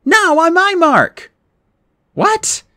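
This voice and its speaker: A sharp, bossy teenage girl from an adventure audiobook, voice pushed well above a grown man's pitch, the way a male narrator does her. She sounds certain and impatient. The read is dry and close-miked. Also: big pitch swings, drawn-out words, no echo, full character voice. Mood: insistent. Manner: insistent, raised pitch, shouting. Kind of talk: audiobook character voice.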